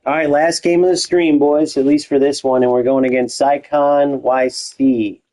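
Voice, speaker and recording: A man's voice: mid-range voice, fairly even intonation, normal speed, warm tone, low-quality recording. A young man streaming a football video game, chatting loosely to his live chat, with casual slang and frequent restarts.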